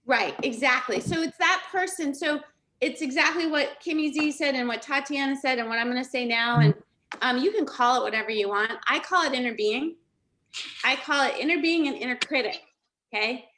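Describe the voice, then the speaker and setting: A middle-aged woman leading a live coaching session over a video call, energetic and checking in with her listeners again and again. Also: high-pitched, brisk. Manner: energetic, checks in often with "okay?" and "right?". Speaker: life coach.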